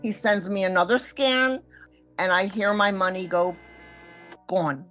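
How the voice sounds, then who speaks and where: Brief: older woman, mid-range voice, dramatic first-person storyteller who acts out quotes; soft music bed. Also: mid-range voice, unhurried. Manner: vivid, acts out quoted voices, shifts between hushed and loud. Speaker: scam victim telling her story.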